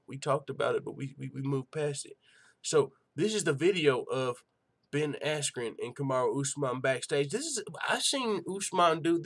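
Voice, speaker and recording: Excitable, profane male live-stream host. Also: on the high side. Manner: profane, excitable, rhetorical questions. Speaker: show host reading live chat. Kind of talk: casual live-stream commentary.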